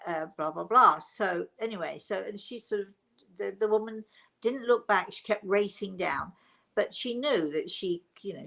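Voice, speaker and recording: A woman's voice: medium pitch, gravelly, sharp tone, low-quality recording. An older woman from England, hosting a live stream as a spiritual medium and telling a rambling personal story with many restarts.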